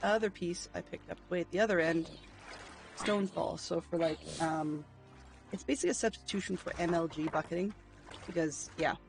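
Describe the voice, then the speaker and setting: A man's voice: on the high side, fairly quick, creaky, faint music behind. A man streaming a video game live, chatting casually and thinking aloud with lots of ums and dry, self-mocking humor. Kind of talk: casual gameplay commentary.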